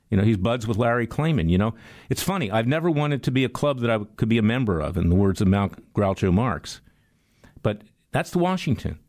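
Sarcastic older man, political monologue. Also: lowish voice. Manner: sarcastic, storytelling, animated. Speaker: political commentator. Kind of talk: monologue commentary.

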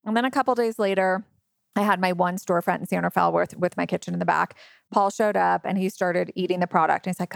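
A woman's voice: fairly low pitch, level tone, fast talker, vocal fry, no room sound. Middle-aged woman founder telling stories, chatty, lots of "like" and "you know", dry close mic. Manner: chatty storyteller, many "like" and "you know" fillers, acts out quoted voices. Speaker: company founder. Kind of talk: interview conversation.

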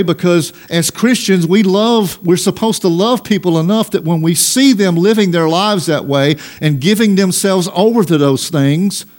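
A man preaching a sermon as pastor, reading scripture aloud and pressing his points with emphatic, drawn-out lines. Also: fairly high pitch, a little mellow. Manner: reads scripture aloud in old-fashioned wording.

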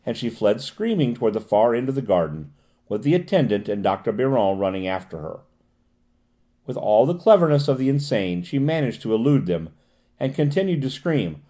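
A man narrating a classic novel as an audiobook reader, steady and expressive. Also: medium pitch, a little fast. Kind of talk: scripted narration.

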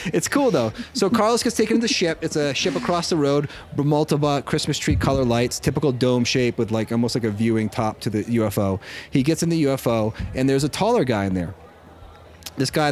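A man's voice: mid-range voice, a little fast, slight background noise. A man hosting a podcast, telling a story to his co-hosts in casual chat; he rambles, corrects himself and laughs often. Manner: excitable. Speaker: podcast host.

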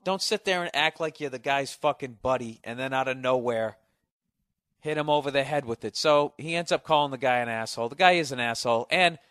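A man's voice: mid-range voice, fairly quick, fairly bright tone, clear, resonant tone, no echo, clean studio sound. A man ranting profanely and rambling as he hosts a solo comedic talk show. He keeps cutting himself off and mocks others in raised voices, and his voice sounds sore. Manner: profane, rambling, self-interrupting. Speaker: podcast host.

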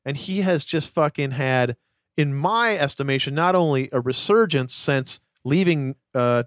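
A man's voice: mid-range voice, no room sound, clean studio sound. Man giving emphatic, opinionated takes. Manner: opinionated and emphatic, swears casually. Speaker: podcast co-host. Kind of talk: casual chat.

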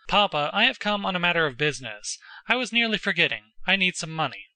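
A man's voice: high-pitched, lively intonation, moderate pace, sharp tone, no room sound, exaggerated voice, rough recording. A man as an ashamed young nobleman. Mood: forced casual. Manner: forced casual, then pleading. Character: young nobleman son, ashamed, feigning carelessness.

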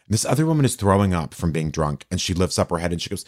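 A man co-hosting a podcast, chatting casually and telling gossip with animated storytelling. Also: sits low, very fast, hardly any pauses. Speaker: podcast co-host. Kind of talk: casual chat.

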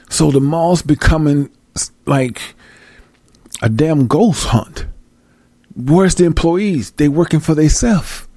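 A man's voice: fairly high pitch, takes it slowly, pauses often, warm tone, no room sound. Man, casual rant, heated, profane, repeats himself, dry close sound.

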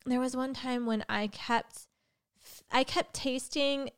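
A woman's voice: high voice, steady tone, slow pace, clear, resonant tone. A woman in casual chat who keeps affirming and laughs along.

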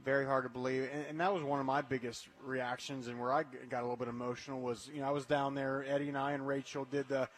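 A man's voice: medium pitch, flat delivery, fast, few pauses. A man co-hosting a casual radio talk show, speaking in a reflective, agreeable way. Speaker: radio co-host.

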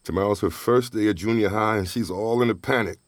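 A man's voice: fairly low pitch, brisk, no room sound, lightly acted. An actor playing a down-on-his-luck divorced father, talkative and wisecracking, often laughing. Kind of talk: radio drama acting.

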